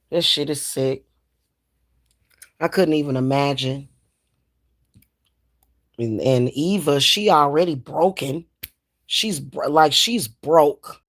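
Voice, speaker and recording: A middle-aged woman, ranting in a casual vlog, blunt, heated and profane. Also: low voice. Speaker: spiritual reader and vlogger.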